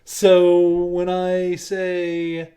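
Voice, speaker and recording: Rambling storyteller, a man, slightly high. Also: completely flat delivery, very slow, warm tone, clear, resonant tone. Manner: rambling storyteller, lots of fillers and restarts. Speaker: podcast co-host. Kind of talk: casual podcast chat.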